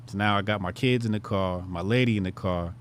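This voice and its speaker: A man in his thirties hosting his show, telling a casual story with profanity and sudden loud, excited bursts. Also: sits low, brisk, slight background noise. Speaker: show host.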